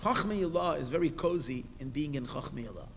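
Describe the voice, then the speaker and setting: A man's voice: fairly high pitch, lively intonation, a little fast, creaky, a bit bright, slight background noise. A man, a rabbi, giving a Torah class. He reads a Hebrew text phrase by phrase and explains each in English, with emphatic bursts and questions. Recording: long hall reverb.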